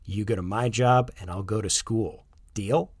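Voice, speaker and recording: A man's voice: on the low side, unhurried, husky, dry recording, studio quality. A man voicing a cheerful, teasing suburban father who works in animation. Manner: playful, teasing.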